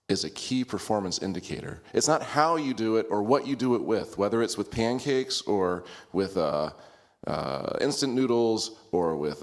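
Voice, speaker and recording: A middle-aged man sharing a self-deprecating story in a group class, laughing now and then as he talks. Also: on the low side. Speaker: class participant.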